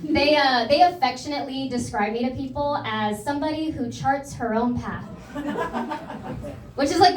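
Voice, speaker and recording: A young woman doing a stand-up comedy set in a club, with a deadpan, self-deprecating delivery. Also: on the high side, slight background noise. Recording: echoey club, mic at a distance, loud crowd laughter. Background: audience laughter.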